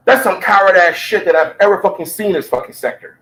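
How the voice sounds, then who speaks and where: A man's voice: sits high, fast talker, fairly bright tone, rough recording. A man giving heated commentary, swearing constantly and repeating his points. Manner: profane, heated, repetitive. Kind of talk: ranting commentary.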